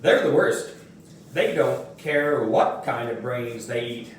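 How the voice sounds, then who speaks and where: A man's voice: medium pitch, lively intonation, takes it slowly, slight background noise. A man voicing a sneaky, teasing schoolboy bully in a storybook reading, recorded in an echoey room from far off. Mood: taunting. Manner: whispery, teasing. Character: sneaky taunting boy bully.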